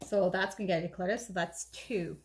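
A beauty vlogger with a fairly low voice chats casually while showing off her makeup, talking a bit fast in a steady tone. She rambles and often corrects herself mid-sentence.

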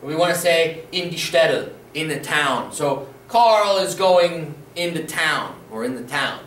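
A man's voice: a little high, lively intonation, unhurried, fairly bright tone, far from the mic. Patient male language teacher in an echoey room. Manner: patient, encouraging, repeats rules and checks in with "okay?". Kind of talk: instructional video lesson. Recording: roomy echo, voice a bit off-mic, faint room noise.

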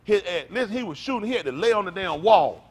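An older man preaching in a fiery, profane rant. His voice sits high and leaps around wildly in pitch, and he swings from shouted outbursts to low, weary mutters. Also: lively intonation, fast. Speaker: pastor.

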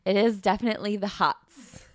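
A woman's voice: mid-range voice, fairly even intonation, normal speed, dry recording. A young woman co-hosting a comedy podcast, recapping a memoir with dry, sarcastic storytelling. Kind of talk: casual comedic book-club chat.

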